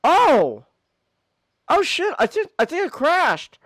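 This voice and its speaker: A man hosting a casual live-stream podcast while playing a game, excitable, with loud outbursts and stammered restarts. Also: very high voice, takes it slowly, no echo.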